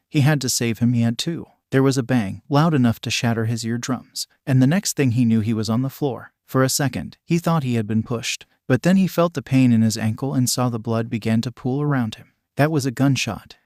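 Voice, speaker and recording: A man reading a fanfiction story aloud in steady, dramatic narration. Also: medium pitch, dry recording, clean studio sound. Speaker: fanfiction reader.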